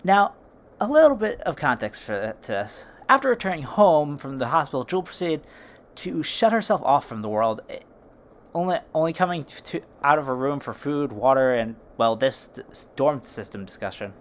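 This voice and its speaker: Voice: mid-range voice, big pitch swings, normal speed. A fan storyteller narrating casually, with informal chatty asides to listeners.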